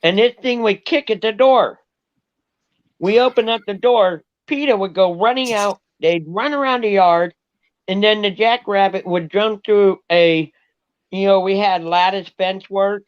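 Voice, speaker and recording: A man's voice: sits high, a little slow, smooth. A man telling stories about his pets in a casual live chat. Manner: chatty storyteller. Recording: dull lo-fi audio.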